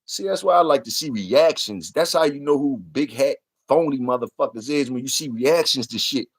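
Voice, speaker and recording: A man's voice: mid-range voice, expressive, normal speed, husky, no room sound. A man, hosting a casual livestream, ranting in a profane, repetitive and emphatic way. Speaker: livestream host.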